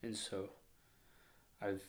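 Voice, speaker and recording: A man in his thirties from Arkansas with a slight Arkansas accent, recounting his childhood grief in an interview, close to tears and dropping to near-whispers. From Northwest Arkansas, US. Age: 30s. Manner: reflective, slows and softens into near-whispers when emotional. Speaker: guest. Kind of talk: emotional personal interview.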